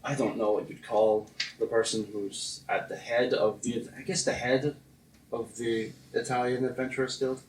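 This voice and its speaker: A man's voice: medium pitch, flat delivery, normal speed, distant mic, a little hiss or hum. A man narrates a tabletop game as its game master, loose and full of fillers. He sits back from the mic in an echoey room. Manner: rambling, filler-heavy narration.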